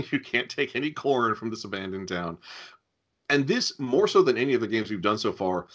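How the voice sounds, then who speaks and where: A man co-hosting a casual podcast chat about old adventure games, wry and quick to laugh. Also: lowish voice, sing-song, fairly bright tone. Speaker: podcast co-host.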